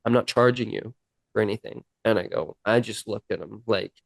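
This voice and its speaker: A man's voice: fairly low pitch, fairly quick, vocal fry, no room sound. A man, a podcast guest and musician, earnestly retelling his recovery story in a sit-down interview, acting out the dialogue and near tears at times.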